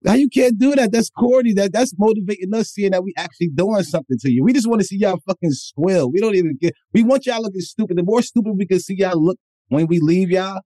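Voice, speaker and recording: A man co-hosting a podcast, talking crudely and loudly, swearing and laughing as he jokes. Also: high voice, fast talker, no room sound. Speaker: podcast co-host. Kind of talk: crude casual chat.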